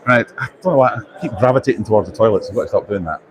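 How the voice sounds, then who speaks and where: A man with a fairly low voice races through his words while livestreaming a casual walkaround of a busy indoor trade show. Chatty and self-mocking, he thinks aloud amid the noisy hall's crowd chatter.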